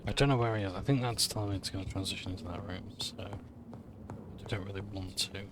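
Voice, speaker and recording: A man's voice: sits low, fairly even intonation, fairly quick, heavy background noise. A man giving rambling, off-hand gameplay commentary, swearing now and then. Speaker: gaming vlogger. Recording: game music behind.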